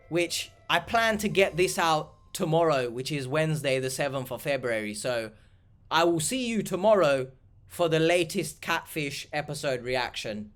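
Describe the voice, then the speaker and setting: Exasperated young man ranting, high voice. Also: normal speed, fairly bright tone, faint music behind. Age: young adult. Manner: exasperated, sarcastic, rambling. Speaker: YouTuber reacting to comments. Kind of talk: casual reaction vlog.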